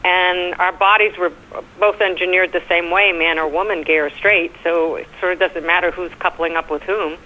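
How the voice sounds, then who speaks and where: Woman, New York accent, animated storyteller, dull lo-fi line. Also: fairly low pitch, moderate pace, a little hiss or hum. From United States. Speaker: guest. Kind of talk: phone-in interview.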